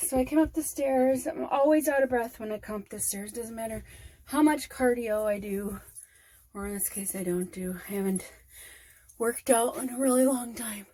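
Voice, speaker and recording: A woman's voice: on the high side, normal speed, warm tone. A woman vlogging at home, chatting casually and rambling aloud to herself as she goes about her day. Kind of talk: casual chat. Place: at home indoors.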